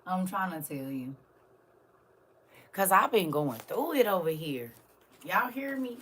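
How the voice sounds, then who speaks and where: A woman's voice: fairly low pitch, expressive, measured pace, long pauses, a bit bright, a little hiss or hum. A woman, chatting casually on a live stream and holding back tears, talking straight to her viewers. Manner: emotional, talks straight to viewers. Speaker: live streamer opening gifts.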